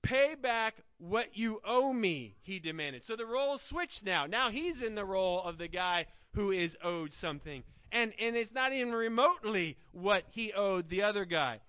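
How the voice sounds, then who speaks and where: A man preaching with a high, bright voice that leaps around in pitch. He swings from punchy emphasis to hushed, drawn-out lines. The sound is dry but a little dull and lo-fi. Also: no room sound. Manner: animated, swinging from loud emphasis to hushed, slow delivery. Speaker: pastor. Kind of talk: sermon.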